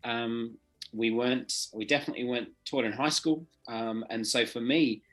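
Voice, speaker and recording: A man from England hosting a podcast, halting and searching for words as he is moved by what he hears. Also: medium pitch, fairly bright tone, faint music behind. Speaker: podcast host, teacher. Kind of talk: podcast interview.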